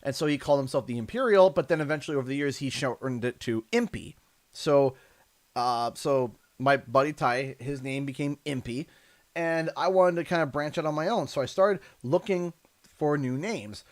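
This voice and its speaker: A man's voice: fairly high pitch, normal speed. A man in his thirties, a livestreamer telling a long story in a rambling, chatty way during a casual stream. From Canada.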